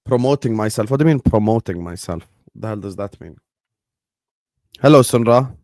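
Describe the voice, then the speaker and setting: A man's voice: lowish voice, animated, fast talker, mellow, dry recording, studio quality. A young man, casually commentating a football stream and bantering with his chat, laughing and teasing.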